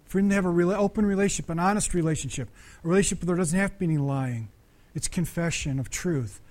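High-pitched male pastor, conversational sermon delivery, engages congregation with questions. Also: fast, a little mellow.

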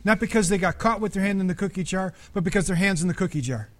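A man's voice: high-pitched, fast. A man preaching a conversational sermon as pastor, often asking the congregation questions.

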